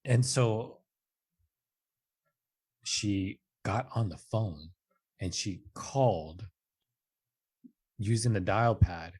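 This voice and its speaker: A man's voice: on the low side, extremely slow, pauses often, breathy edge. A man in his twenties, a podcast guest, telling a personal story casually and acting out the quoted lines with a raised voice. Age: 20s. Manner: animated, acts out quotes with raised voice; casual, says "like" and "dude" often.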